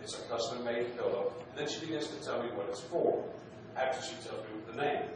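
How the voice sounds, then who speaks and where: A middle-aged man, a minister, tells a personal story from the pulpit in a relaxed, humorous, conversational way, often restarting his phrases. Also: a little high, brisk. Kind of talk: storytelling sermon. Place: church sanctuary. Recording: very echoey hall, distant, noisy.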